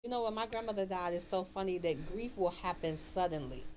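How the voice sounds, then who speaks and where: A woman talks in an earnest, reflective way in casual conversation. Her voice sits on the low side. A faint hum of noise runs under her speech. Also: fairly quick. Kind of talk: casual chat.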